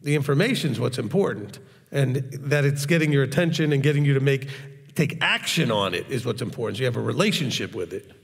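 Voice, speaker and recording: A man's voice: medium pitch, lively intonation, a little fast, vocal fry, big-room sound. A man teaching the Bible in a blunt, hard, straightforward way, often checking in with his listeners. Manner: conversational, asks the audience questions. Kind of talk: informal recorded teaching.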